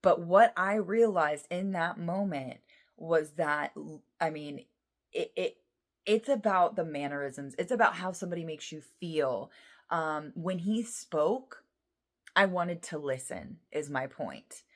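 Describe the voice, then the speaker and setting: A woman with a somewhat low voice talks viewers through a tarot reading in a casual, unscripted way. She is emotional and excitable, breaking off and restarting her sentences as she goes. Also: a little slow. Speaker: tarot reader.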